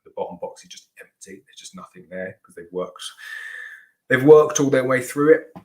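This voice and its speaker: A man's voice: medium pitch, lively intonation, normal speed, a little mellow, poor audio. A man hosting a casual live question-and-answer show, chatty and rambling with lots of restarts and fillers. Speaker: beekeeper host answering viewer questions.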